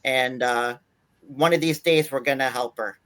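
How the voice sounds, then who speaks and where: A man from the Buffalo area of New York hosts a wrestling talk show, reading announcements in a rambling way full of fillers. His mid-range voice is fairly bright and a little slow.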